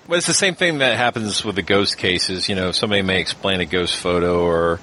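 A man hosting a podcast, giving a measured scripted intro and then chatting casually and reading aloud from a book. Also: deep voice, pushed and bright, slight background noise. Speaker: podcast host.

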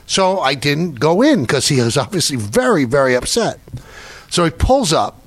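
Lively high-voiced man in his sixties. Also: moderate pace, no room sound. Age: 60s. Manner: animated storytelling, mock-outraged. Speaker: radio show host. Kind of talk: casual radio banter.

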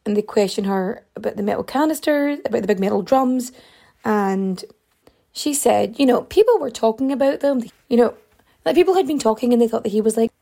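A woman recounts an old murder case in a loose, chatty way, full of asides and filler words. Her voice sits a touch higher than most. She sounds like she is talking to friends rather than reading a script. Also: fairly quick, vocal fry, mellow. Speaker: storyteller. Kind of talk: casual true crime storytelling.

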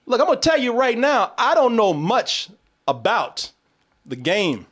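A man hosting a casual review video, talking straight to his viewers, swearing and gushing with excitement. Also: very high voice, a little slow. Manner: exuberant, swears, calls out to viewers.

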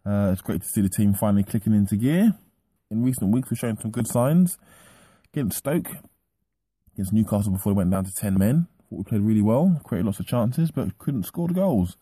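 A man's voice: lowish voice, animated, a little fast, dark tone, slightly rough, no room sound. A man introducing a football podcast, giving a chatty, upbeat summary of the match. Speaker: podcast host introducing the show. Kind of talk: solo show introduction.

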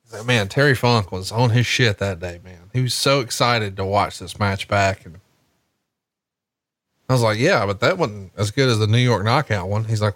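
Man, podcast host, casual chat over a wrestling match, lively storyteller, cursing, dry close sound. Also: lowish voice, moderate pace, dry recording. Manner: animated storytelling, swears casually.

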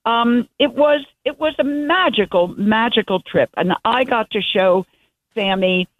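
An older woman, a guest journalist, tells stories with enthusiasm in a casual phone interview, wandering from point to point. Her voice is a little high and a little slow, with no echo on the dry, tinny phone line.

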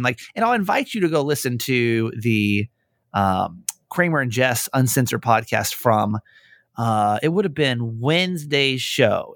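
A man's voice: mid-range voice, creaky, dry recording, clean studio sound. A young man who hosts radio and a podcast, telling stories in casual chat, acting out quotes and swearing often. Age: young adult. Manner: animated storytelling, acting out quotes, frequent swearing.

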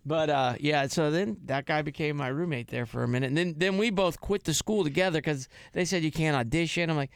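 A man's voice: fairly high pitch, brisk, creaky, few pauses, smooth, dry recording, studio quality. A middle-aged man from Florida, telling rambling stories in a casual chat as a guest and laughing often. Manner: rambling, laughs often, mimics voices in anecdotes.

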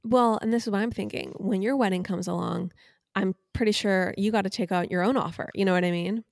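A woman's voice: medium pitch, brisk, creaky, no room sound, clean studio sound. A young woman co-hosting a podcast, telling a story animatedly and acting out quoted dialogue in casual chat. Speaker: podcast co-host.

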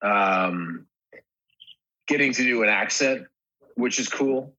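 A husky, breathy male voice on a slightly dull, muffled recording. A guest actor in relaxed podcast conversation, he circles his thoughts and often restarts a phrase before finishing it. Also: medium pitch, slow pace. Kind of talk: casual podcast chat.

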